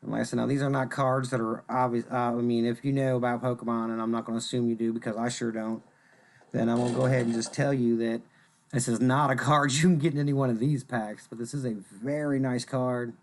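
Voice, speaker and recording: A man's voice: mid-range voice, level tone, fast. A man hosting a card-selling stream, rambling and joking as he shows cards and greets viewers by name. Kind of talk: casual rambling chat while showing cards.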